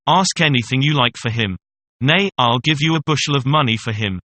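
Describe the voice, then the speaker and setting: A man's voice: mid-range voice, animated, a little fast, bright, forceful tone, no echo. A man reading the lines of an eager male farmer in a storybook.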